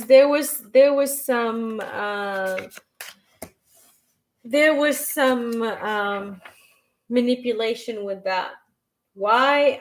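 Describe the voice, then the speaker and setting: Lady doing a tarot livestream, slow, lots of restarts, kinda high voice. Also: low-quality recording. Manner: halting, restarts often, reads chat questions aloud; slow and unhurried. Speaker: tarot reader. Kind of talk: live-stream tarot reading.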